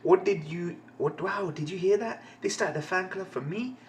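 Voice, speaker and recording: A cheerful young boy hero , read plainly by a man. The voice sits a bit high, with a faint hiss behind it. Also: moderate pace, far from the mic, lightly acted. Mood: pleased.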